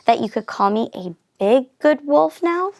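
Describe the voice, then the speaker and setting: A big, misunderstood wolf from a children's storybook, as a woman reads him aloud. He speaks earnestly and gently, with a slightly gravelly, fairly high tone. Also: expressive, normal speed. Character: misunderstood male wolf, big, gruff but soft-hearted.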